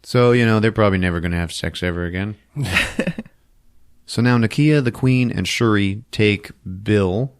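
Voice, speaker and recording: Low-voiced guy swearing his way through a movie recap, dry podcast mic. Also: moderate pace, clean tone, no room sound. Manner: profane, animated storytelling. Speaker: podcast host. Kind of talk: casual film recap.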